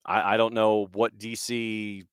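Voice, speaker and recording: A man hosts a soccer talk show in a casual, opinionated way. He keeps throwing out rhetorical questions. His voice is smooth and resonant, with a dry, close sound and no room echo. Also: lowish voice, flat delivery, a little slow. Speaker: soccer podcast host. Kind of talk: casual solo commentary.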